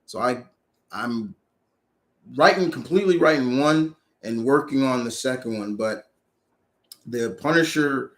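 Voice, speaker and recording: A man's voice: medium pitch, expressive, measured pace, long pauses. A man hosting a casual live Q&A, rambling through viewer questions and correcting himself mid-sentence. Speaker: host answering viewer questions.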